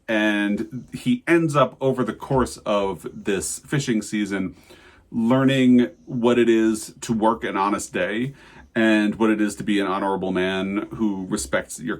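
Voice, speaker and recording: A man co-hosting a casual book review chat, summarizing in detail and giving frank opinions. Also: fairly low pitch. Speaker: book channel co-host.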